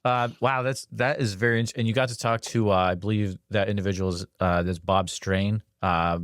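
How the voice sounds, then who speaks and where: A man's voice: fairly low pitch, fairly even intonation, normal speed, fairly bright tone, dry recording, clean studio sound. A man hosting a podcast interview, enthusiastic and stumbling over his words as he reacts to the guest. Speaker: podcast host. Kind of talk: casual interview.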